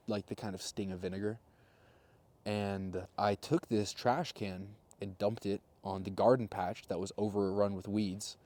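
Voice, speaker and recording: Wry young man, low mellow voice. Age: 20s. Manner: wry, self-mocking storyteller with deadpan jokes. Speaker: vlogger. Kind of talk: casual rambling monologue.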